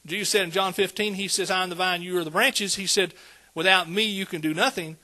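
A man's voice: sits high, fairly even intonation, a little fast, pushed and bright. A man preaching a sermon, conversational and calling out to the congregation. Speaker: pastor.

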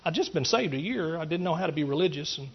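A pastor from East Texas giving an earnest testimony sermon, rambling through restarts and rising into emphatic preaching. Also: male voice, on the high side, animated, quick pace, gravelly, breathy edge, lo-fi sound.

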